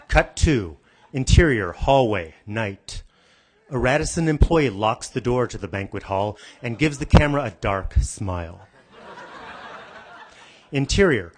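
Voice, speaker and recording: Guy hosting an awards night, reads a silly screenplay bit totally deadpan from the stage. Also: mid-range voice, slightly rough. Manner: deadpan screenplay-style narration. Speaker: awards emcee. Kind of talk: comic scripted reading to a live audience. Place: banquet hall stage.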